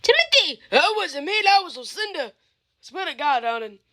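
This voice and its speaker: A woman's voice: high voice, animated, moderate pace, a bit bright. A woman voicing a flustered, theatrical woman who indignantly denies blame in a comedy skit. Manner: indignant and dramatic.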